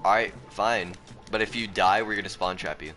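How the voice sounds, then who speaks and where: A man's voice: fairly low pitch, steady tone, moderate pace, pushed and bright, soft background music. A man, teasing friends with slang and frequent laughter in casual gaming banter. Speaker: gamer.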